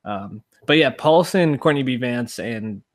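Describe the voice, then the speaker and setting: A man co-hosting a podcast, casually chatting about a TV show in a relaxed, conversational way. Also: mid-range voice, measured pace. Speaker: podcast co-host. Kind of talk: casual review chat.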